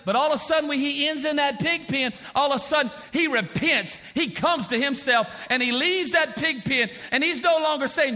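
A man preaching a sermon as pastor, repeating phrases and swinging from quiet to impassioned. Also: very high-pitched, moderate pace, few pauses.

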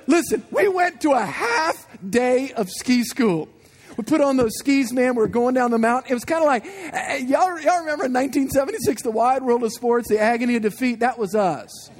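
A man in his forties preaching a sermon, telling animated personal stories and asking the congregation questions. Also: very high voice, normal speed. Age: 40s. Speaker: guest preacher.

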